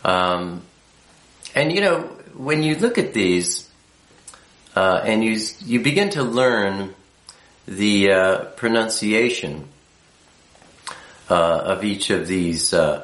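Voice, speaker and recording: A man with a deep voice explains things at a slow, patient pace. His delivery halts often and is full of fillers. The sound is roomy and echoey. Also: fairly bright tone. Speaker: teacher of Hebrew letters. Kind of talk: unscripted teaching talk.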